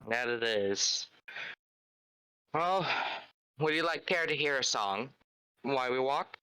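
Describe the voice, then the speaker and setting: A man's voice: mid-range voice, lively intonation, takes it slowly, bright, forceful tone, clean tone, no room sound, rough recording. A man voicing a wary, unlucky male dwarf who speaks in an old-fashioned way. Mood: genial. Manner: old-fashioned in-character speech.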